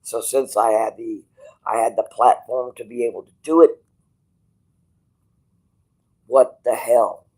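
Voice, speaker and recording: Brief: a plain-voiced man in a hospital bed, blunt and cussing, swinging between quiet musing and loud defiance. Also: mid-range voice, moderate pace, low-quality recording. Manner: blunt, profane and stubborn. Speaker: streamer. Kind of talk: rambling livestream talk.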